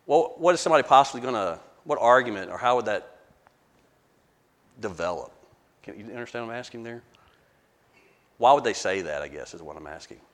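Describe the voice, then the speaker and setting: A man's voice: mid-range voice, animated, a little fast, long pauses, long reverb tail. A man leading a verse-by-verse Bible study, talking conversationally, often restarting words and asking the group for questions.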